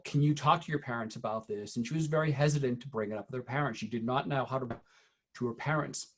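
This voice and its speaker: A middle-aged man speaks in a husky, mid-pitched voice as he leads a training session for teachers. He tells true stories from his school years earnestly and often pauses to restart his sentences. His tone stays quiet and serious when he recounts hard moments. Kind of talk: recorded training talk with personal stories.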